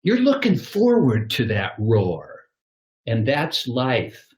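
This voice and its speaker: A man's voice: medium pitch, wildly swooping pitch, slow. An older man who is a guest on a podcast, giving reflective advice and telling little stories where he acts out the voices. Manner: storytelling, acts out little scenes. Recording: roomy echo.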